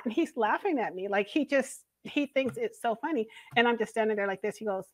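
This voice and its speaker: A middle-aged woman, a podcast guest, telling a story in a lively, laughing way. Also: fairly high pitch, fairly quick, no echo. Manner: animated, laughing storyteller who acts out the voices of others. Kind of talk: casual storytelling in an interview.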